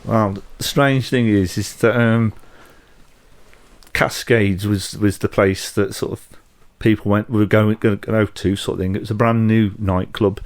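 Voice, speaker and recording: A middle-aged man with a Telford accent recalls old stories as a podcast guest, his voice on the low side. He speaks in a measured way, pausing as he looks for words. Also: fairly even intonation. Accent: Telford English. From Telford, England. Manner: measured, anecdotal, hesitant. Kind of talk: conversational storytelling.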